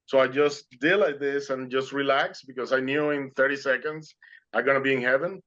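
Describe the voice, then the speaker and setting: Guy telling his story on a video call, kinda earnest, broken english phrasing, middle pitch, muffled lo-fi sound. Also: steady tone, normal speed, fairly bright tone. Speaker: guest speaker. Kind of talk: storytelling in an interview.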